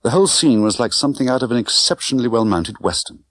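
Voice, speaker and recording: A man narrating an audiobook with an expressive, dramatic reading. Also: mid-range voice, quick pace, no room sound. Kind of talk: scripted narration. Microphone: close studio mic.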